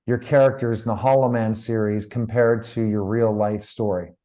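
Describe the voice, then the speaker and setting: A man's voice: on the low side, steady tone, normal speed, warm tone. A man hosting an interview, asking casual, upbeat questions.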